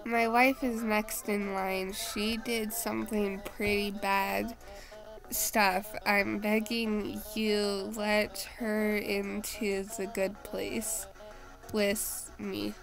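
A woman's voice: medium pitch, level tone, faint music behind, low-quality recording. Woman voicing a desperate pleading husband. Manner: slow, pleading, softening to a murmur.

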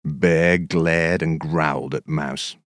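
A man narrating a children's storybook in an expressive, measured, sing-song way. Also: a bass voice, no echo, studio quality.

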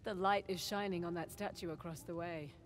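An actress voicing a quick-witted female treasure hunter in a video game, wry and brisk, muttering to herself as she works. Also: on the low side, steady tone, natural voice. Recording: game audio under loud game noise.

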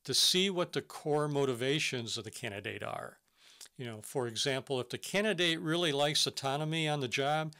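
A man with a medium-pitched, pushed, bright voice and a clean tone presents a business webinar. In this instructional talk he gives earnest, step-by-step hiring advice, with some fillers and restarts.

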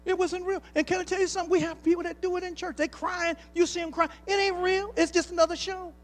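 High-voiced pastor preaching with swing. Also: male voice, flat delivery, quick pace. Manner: preacher's call-and-response, folksy, rising to emphatic. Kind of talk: sermon with personal stories. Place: church sanctuary.

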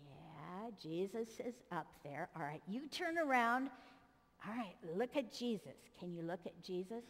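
A woman's voice: medium pitch, very animated, measured pace. A woman pastor giving a children's sermon in a church, cheerfully coaxing the kids as she directs them through a Bible story. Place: church sanctuary. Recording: long echo of a large church.

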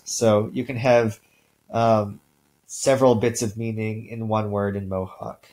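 A male linguistics instructor giving a recorded lecture in a relaxed way, with many ums and uhs and the odd throat clear. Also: lowish voice, a little slow, low-quality recording.

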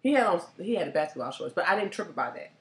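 A woman talks candidly in a casual chat and acts out the people in her story. Her pitch leaps and swoops, and the voice rings in a roomy, echoing space. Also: racing. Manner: animated storyteller acting out quotes. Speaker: co-host. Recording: roomy echo.

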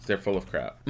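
A man streaming a live game playthrough, reading the game's text aloud between the commands he types. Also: medium pitch.

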